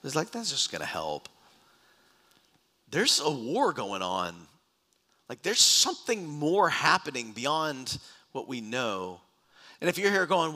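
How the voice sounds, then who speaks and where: A man's voice: medium pitch, very animated, unhurried, pushed and bright. A man preaching a sermon, reading scripture with rising emphasis and dropping into casual asides.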